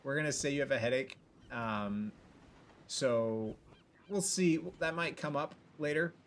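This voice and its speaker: Casual man game master, middle pitch, slight noise behind. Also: unhurried. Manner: relaxed, with frequent fillers. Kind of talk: narrating a tabletop game.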